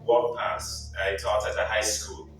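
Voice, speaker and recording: Jamaican man, lowish voice, playful and animated onstage storyteller, heard from far off in a roomy hall with loud piano behind. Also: a little slow. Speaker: guest speaker at an anniversary event. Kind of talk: lively storytelling speech to a live audience. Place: large event hall. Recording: echoey hall, far from the mic. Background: piano playing.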